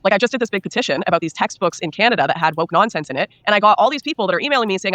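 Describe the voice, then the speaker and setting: A woman's voice: mid-range voice, expressive, a bit bright, no room sound. A woman being interviewed as an author, speaking candidly and earnestly, often acting out what others told her. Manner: rapid, earnest, acts out quoted people.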